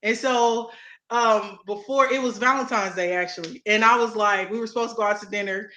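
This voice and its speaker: A young woman co-host tells a story in casual chat, bright and forceful in tone, laughing as she goes. Her voice rings in a roomy, echoey space. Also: mid-range voice, a little fast. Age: young adult. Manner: animated, laughing storyteller with restarts.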